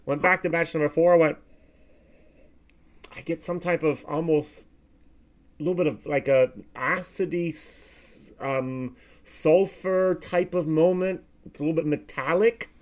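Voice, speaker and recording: An American man giving a casual whisky tasting review, with animated, expressive reactions and plenty of fillers. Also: fairly high pitch, unhurried. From United States.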